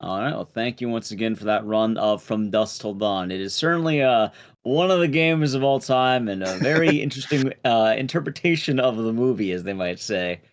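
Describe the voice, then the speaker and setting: A man hosting a live speedrun stream, reading announcements in a relaxed way with some dry humor. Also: mid-range voice, normal speed. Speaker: show host.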